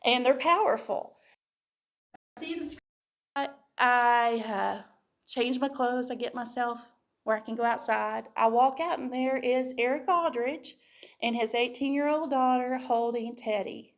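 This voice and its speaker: A woman's voice: fairly high pitch, unhurried. Heartfelt woman sharing a church testimony. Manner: heartfelt storytelling, acting out what people said. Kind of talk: personal testimony to a congregation.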